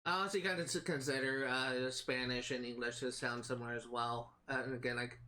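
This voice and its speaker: A man's voice: medium pitch, fairly even intonation, brisk, bright, forceful tone, poor audio. A man streaming a video game, chatting casually in a rambling, hesitant way with many fillers and restarts. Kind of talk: casual commentary while gaming.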